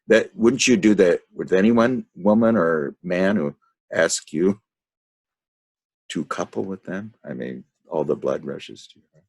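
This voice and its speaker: A man's voice: very deep voice, a little slow, vocal fry, darkish tone, husky, no echo. A man leading a study group, reading a text and commenting on it in a rambling manner, thinking aloud.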